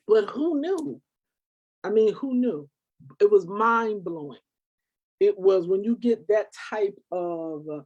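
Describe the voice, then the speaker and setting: A woman with a mid-range voice tells a personal story during an interview. She is animated and emotional, and she acts out the other people's dialogue. She speaks as the founder of a nonprofit. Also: mid-range voice, poor audio.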